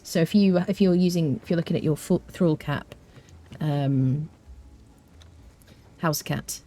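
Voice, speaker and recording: Her voice is low and dark in tone. A British woman, she chats casually while streaming a game live, rambling with fillers and fielding messages from her chat.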